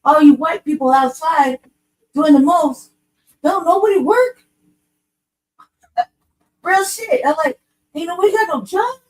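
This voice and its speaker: A woman's voice: extremely high pitch, unhurried, long pauses, slight background noise. A woman co-hosting a casual podcast discussion, ranting bluntly with profane street slang. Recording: voice distant from the mic.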